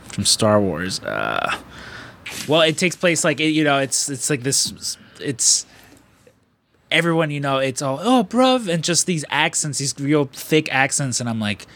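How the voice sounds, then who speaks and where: A man's voice: mid-range voice, very animated, unhurried, fairly bright tone. An American man in his thirties from the Chicago area, chatting casually as a podcast host in a rambling, enthusiastic way. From Chicago area, USA. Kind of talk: casual chat.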